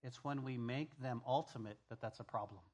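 A man's voice: medium pitch, brisk, darkish tone. A middle-aged male pastor preaching a conversational sermon, repeating key phrases and telling stories from the pulpit.

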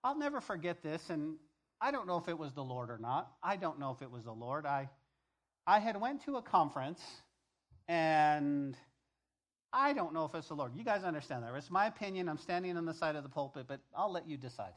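Man, middle-aged pastor, sermon, chatty animated preaching, somewhat high voice. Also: brisk. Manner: conversational, animated preaching with repeated phrases.

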